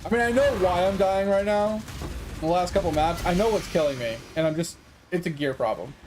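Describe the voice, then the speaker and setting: A man's voice: high-pitched, fairly quick, background noise. A young man giving casual gameplay commentary as a streamer, frustrated and swearing while he talks to his chat. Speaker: gaming streamer.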